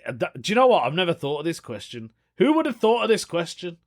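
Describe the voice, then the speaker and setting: A man's voice: a little high, sing-song, quick pace, few pauses. A man hosting a solo podcast, chatting casually, reading a news story aloud and reacting with amused disbelief. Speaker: podcast host.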